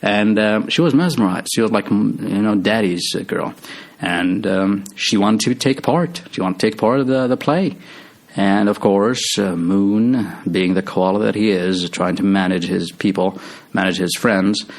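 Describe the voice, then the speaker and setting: Gravelly low-voiced man rambling casually. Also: moderate pace. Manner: rambling, many fillers and restarts. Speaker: movie recap host. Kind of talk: casual movie retelling.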